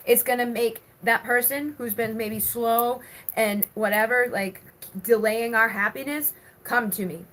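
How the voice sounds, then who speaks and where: A woman's voice: fairly high pitch, fairly even intonation, a little slow, a bit bright, rough recording. A woman doing a live-stream tarot reading, reading viewer comments aloud and talking through the cards in a chatty way with many fillers. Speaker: tarot reader.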